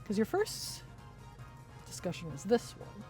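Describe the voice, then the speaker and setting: A woman's voice: mid-range voice, wildly swooping pitch, unhurried, a little mellow, soft background music. A woman streamer giving heated, profane, sarcastic commentary on a livestream while reading through a document.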